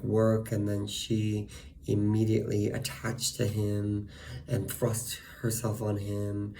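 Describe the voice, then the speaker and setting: A man's voice: lowish voice, gravelly, warm tone. A man venting in a casual monologue, profane and ranting, full of fillers. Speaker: vlogger.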